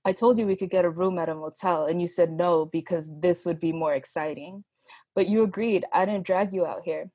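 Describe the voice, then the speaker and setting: A woman's voice: on the low side, steady tone, brisk, warm tone, husky, no room sound. A woman reading aloud, voicing a flustered, defensive young man. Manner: stammering, defensive.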